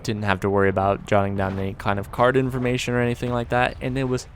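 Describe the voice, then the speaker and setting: A young man casually telling a story from his job, relaxed and conversational, with casual swearing. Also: medium pitch, fast talker, slight background noise. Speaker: storyteller, video creator.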